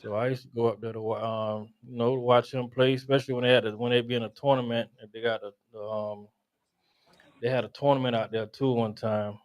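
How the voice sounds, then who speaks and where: A man's voice: medium pitch, steady tone, brisk, darkish tone. A man in casual, profane, joking chat about basketball. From South Florida. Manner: loose, profane, laughing banter. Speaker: co-host.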